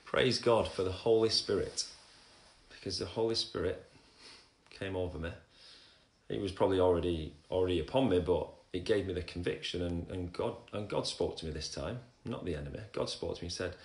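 A man's voice: sits low, fairly quick. A man giving a casual religious talk on a livestream, rambling and breaking off his own sentences, sometimes reading scripture aloud at home. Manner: rambling, self-interrupting, reads scripture aloud. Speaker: Christian speaker sharing testimony. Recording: echoey room.

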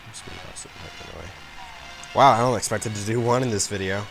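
Excitable man yelling over game music. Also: fairly low pitch, fast talker, vocal fry, poor audio. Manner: excitable, yells and complains at the game. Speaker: let's play gamer. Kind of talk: game commentary. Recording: game music loud behind voice.

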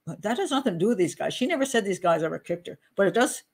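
A woman's voice: mid-range voice, lively intonation, very fast, slightly rough. Chatty woman commenting on a case. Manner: chatty, self-interrupting, laughs at herself. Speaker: true-crime commentator. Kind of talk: casual commentary to camera.

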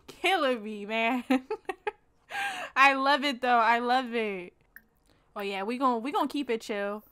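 A woman's voice: on the high side, measured pace, pushed and bright, clean tone. A woman in her twenties giving playful, slangy, profane let's-play commentary as a channel host.

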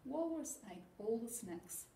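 A woman teacher reading a picture book aloud with expressive storytelling. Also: a little high, unhurried, slight background noise. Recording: echoey room from a distance.

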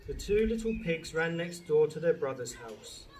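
A man, a teacher, reading a children's picture book aloud in a slow, lively storytelling manner. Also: on the high side. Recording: distant mic, noisy background with birds.

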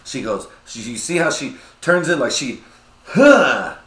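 A man hosting his own podcast, talking in a crude, rambling, excitable way with lots of filler. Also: medium pitch, moderate pace. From United States. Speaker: podcast host. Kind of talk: casual solo podcast rant. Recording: echoey room.

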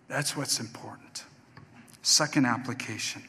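A man's voice: mid-range voice, slow pace, fairly bright tone, slight background noise. A man preaching a sermon as pastor, emphatic and repeating key phrases for weight. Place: church sanctuary. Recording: reverberant church hall.

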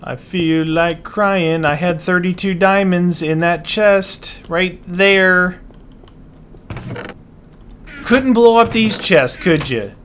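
A man's voice: high-pitched, takes it slowly, hardly any pauses, a bit bright, slight background noise. A man casually commenting on his game, dismayed and often exclaiming to himself as he plays. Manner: dismayed, keeps exclaiming and muttering to himself while playing. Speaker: gaming channel host. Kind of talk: casual let's-play commentary.

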